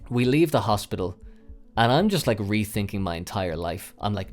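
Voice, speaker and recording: Young guy rambling through a story on his podcast, lots of likes and swearing, lowish voice. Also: lively intonation, moderate pace, faint music behind. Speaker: podcast host. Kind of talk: storytelling monologue.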